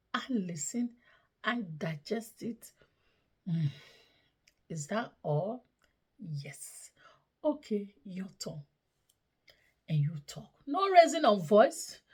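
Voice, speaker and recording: A woman hosting her own channel, giving casual relationship advice, often slipping into soft breathy half-whispers and repeating points slowly for emphasis. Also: mid-range voice.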